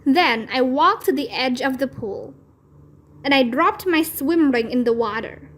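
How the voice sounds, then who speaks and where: A woman narrating a children's book aloud in an expressive, deliberate storytelling manner. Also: high voice. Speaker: read-aloud channel host.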